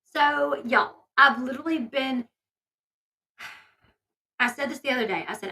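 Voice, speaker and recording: This woman speaks in a bright, crisp voice that sits a little higher than most. She talks casually to her viewers, stringing her thoughts together with lots of fillers. She sounds like someone venting during a gossip commentary vlog. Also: unhurried, long pauses, low-quality recording. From Southern United States. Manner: chatty, filler-heavy, indignant storytelling. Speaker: commentary YouTuber.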